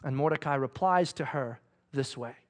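A man preaching a sermon, reading scripture and retelling it in an animated, humorous storytelling manner. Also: medium pitch, normal speed.

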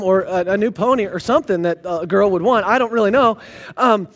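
A man with a strikingly high voice preaches a sermon. He retells the scripture stories in a lively, casual way and drops dry, sarcastic asides along the way. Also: fairly quick. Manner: animated storytelling with sarcastic asides. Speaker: pastor.

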